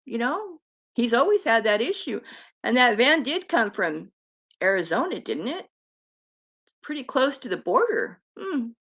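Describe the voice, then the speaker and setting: A woman talks over clips in a slow, drawn-out way, her pitch swinging widely as she mocks and swears. She sits a little above other women in pitch. The recording is dull and lo-fi. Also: very animated, fairly bright tone, breathy edge. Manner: scornful, sarcastic, swears freely. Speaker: commentary vlogger. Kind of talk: mocking commentary on clips. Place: lives on an island.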